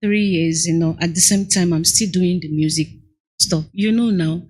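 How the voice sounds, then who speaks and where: A woman's voice: lowish voice, normal speed, darkish tone, slightly rough. A young adult woman with a Nigerian accent, talking candidly as an interview guest about her business. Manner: candid and earnest, acts out clients' lines. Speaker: guest entrepreneur. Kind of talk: conversational interview.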